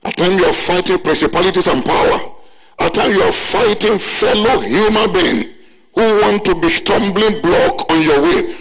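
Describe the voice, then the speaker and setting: A man preaches with a voice pitched very high for a man. He calls out for responses, drags out his key phrases, and climbs into shouted declarations. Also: poor audio. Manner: call-and-response preaching, drawn-out repeated phrases. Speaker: pastor. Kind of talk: sermon.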